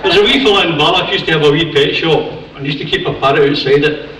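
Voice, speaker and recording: Older Scottish comedian in an echoey theatre. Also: male voice, a little high, quick pace, recorded from a distance, a crowd in the background. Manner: chatty, self-mocking storyteller. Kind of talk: stand-up comedy. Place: large theatre stage.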